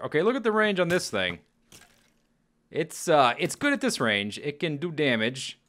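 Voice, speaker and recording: A man giving chatty, casual commentary over his own gameplay, often exclaiming and chuckling as he plays. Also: mid-range voice. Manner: chatty, animated, exclaims and laughs at the game. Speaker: Let's Play host.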